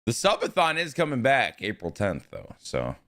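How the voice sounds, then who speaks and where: A man's voice: mid-range voice, wildly swooping pitch, normal speed, a bit bright. A young man streaming live, talking casually and with energy to his chat and greeting viewers by name.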